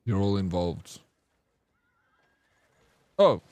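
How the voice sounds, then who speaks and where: A man's voice: low-pitched, very animated, extremely slow, a little mellow, no room sound. Playful man streaming a game, dry sound. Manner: playful teasing banter, reads chat aloud. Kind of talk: casual live-stream chat with viewers.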